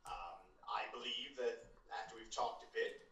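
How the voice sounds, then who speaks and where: A man playing a tabletop game, speaking in character in a measured, earnest way. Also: mid-range voice, sharp tone. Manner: measured, earnest planning speech. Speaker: player. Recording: roomy, distant mic with faint noise.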